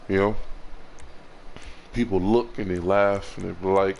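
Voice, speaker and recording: A man records an emotional confessional vlog, plainly frustrated and upset. His low voice halts and circles back over the same words, with swearing mixed in. A faint hum of ambience sits behind him. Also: steady tone, creaky, a little mellow. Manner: halting, repeats words, swears. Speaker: vlogger.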